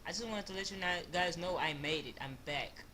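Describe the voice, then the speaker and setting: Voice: medium pitch, fairly quick, pushed and bright, a little hiss or hum. A young adult of about twenty from Louisiana, with a Louisiana accent, telling a loose, slangy storytime vlog. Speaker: vlogger.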